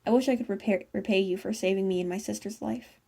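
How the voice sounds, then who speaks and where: A woman puts on a gentle young brother in a storybook, soft-spoken and pleading. The voice sounds mellow with a slight gravelly rasp. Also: mid-range voice, fast talker.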